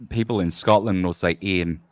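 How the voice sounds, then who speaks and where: A man's voice: deep voice, moderate pace, no echo. A man from the United Kingdom hosting a podcast, explaining things in a rambling, casual way full of fillers. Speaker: podcast host. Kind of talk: casual chat.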